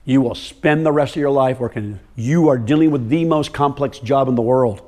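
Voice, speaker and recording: A man's voice: medium pitch, moderate pace, a little mellow. An older man giving a workshop lecture to farmers, telling stories and firing questions at the audience. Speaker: workshop presenter on soil health. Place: workshop room with a live audience.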